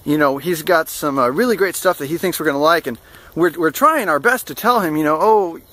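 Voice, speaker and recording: Young vlogger, fairly high and bright voice, rambling casual storyteller. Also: male voice, animated, brisk. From United States. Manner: rambling, full of fillers and restarts, amused.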